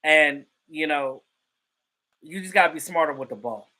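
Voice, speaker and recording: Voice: mid-range voice, moderate pace, sharp tone. A live stream host giving casual sports commentary and greeting chat viewers. The host is emphatic and profane and repeats points for effect.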